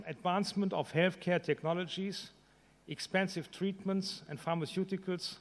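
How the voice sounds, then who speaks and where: A man giving a conference presentation, halting with fillers and restarts. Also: a little high, a bit bright. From Germany. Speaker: conference speaker. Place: conference hall. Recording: reverberant conference hall.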